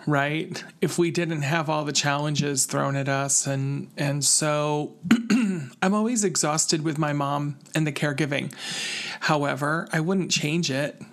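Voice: mid-range voice, fairly even intonation, unhurried. Teasing podcast host, casual chat. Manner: joking, teasing.

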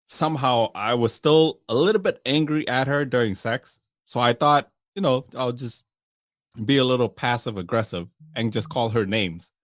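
A man's voice: medium pitch, moderate pace, no echo, clean studio sound. A man telling a crude story in casual group chat, swearing and laughing often.

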